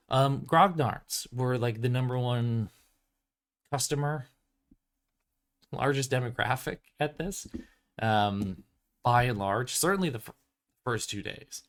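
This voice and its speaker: A man's voice: lowish voice, fairly bright tone. A man who publishes tabletop games, talking casually on his stream in a rambling way, full of "um" and "like" and laughing between thoughts. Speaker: tabletop game publisher and show host. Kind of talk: casual livestream chat.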